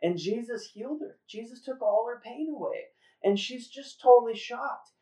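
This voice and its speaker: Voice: mid-range voice, moderate pace, dark tone. A host telling a faith story in a casual, earnest way, with fillers and restarts. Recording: roomy echo, far from mic.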